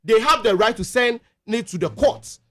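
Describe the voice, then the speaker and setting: A Ghanaian man on a radio talk show, reading out legal text haltingly and mixing English with Twi. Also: very high-pitched, expressive, sharp tone. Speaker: radio panel guest. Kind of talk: radio debate, reading out a law. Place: radio studio.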